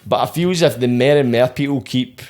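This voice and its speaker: A Scottish man hosting a podcast in casual chat, sweary, rambling and animated. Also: medium pitch, a little fast. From Scotland. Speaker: podcast host.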